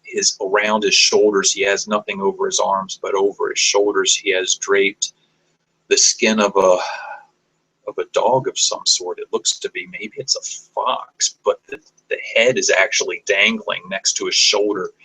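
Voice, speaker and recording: A man improvising a story aloud, describing scenes as he goes, often pausing and restarting mid-sentence. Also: on the low side, pushed and bright, breathy edge, rough recording. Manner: halting, searching for words, many restarts.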